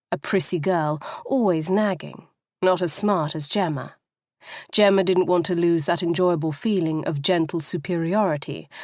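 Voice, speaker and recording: A woman narrates a novel for an audiobook, measured and expressive in her storytelling. Her voice sits on the low side. The sound is clean studio quality with no room sound.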